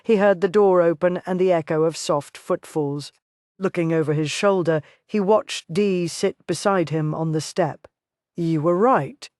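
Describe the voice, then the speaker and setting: An audiobook narrator reading a Western romance in steady, even storytelling. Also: medium pitch, moderate pace, dry recording, clean studio sound.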